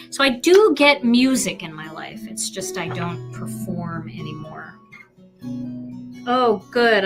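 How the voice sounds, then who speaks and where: A woman's voice: mid-range voice, a bit bright. A woman with a Philadelphia accent hosting a live card-making demonstration, chatty and self-deprecating as she colors. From Philadelphia, USA.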